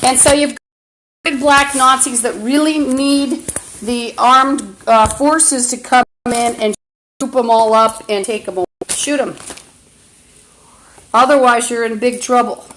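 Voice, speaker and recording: A high-voiced woman livestreaming a rambling monologue into a phone or camera mic. She sounds agitated and swears constantly, stumbling through fillers and restarts. A faint hiss sits under her voice. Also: steady tone, unhurried, fairly bright tone, rough recording.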